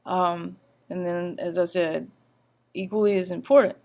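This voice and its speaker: A woman teacher giving a grammar lecture, halting and repeating herself with many fillers as she reads example sentences aloud. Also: lowish voice, steady tone, darkish tone.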